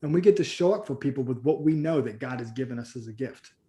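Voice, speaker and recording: A man running a live group coaching call tells stories and performs the quoted voices of their characters, heard through a video call mic. He talks fast, medium in pitch with a dark tone.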